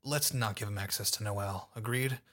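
A man's voice: lowish voice, moderate pace, bright, forceful tone. A man voicing a sarcastic, impatient teenage boy hero. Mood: edgy.

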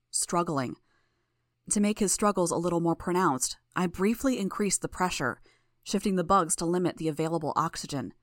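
A woman narrating a first-person audiobook in a measured, steady manner. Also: fairly low pitch, no echo, clean studio sound.

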